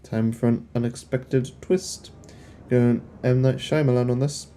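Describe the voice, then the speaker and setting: With a mid-range, dark-toned voice, fairly even and unhurried, a young let's play host talks casually over his game. He rambles, jokes at the screen and at his own expense, while faint game music runs behind.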